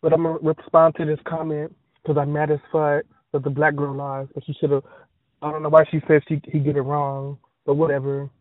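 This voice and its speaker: A high-pitched man rambling through a scattered monologue and stumbling over fillers and trailing asides. His voice comes through thin, phone-like audio with a close, dry sound. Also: level tone, brisk, no echo.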